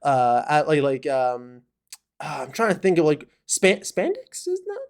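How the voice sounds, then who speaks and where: Male podcast co-host, slightly high, very animated pitch, rambling casual delivery. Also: a little slow. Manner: rambling, animated, many fillers. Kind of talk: casual chat.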